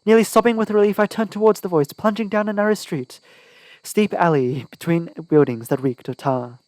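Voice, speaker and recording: A man's voice: sits high, moderate pace, darkish tone, no echo, low-quality recording. A man narrating an audiobook in the first person with a dramatic, tense delivery. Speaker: audiobook reader.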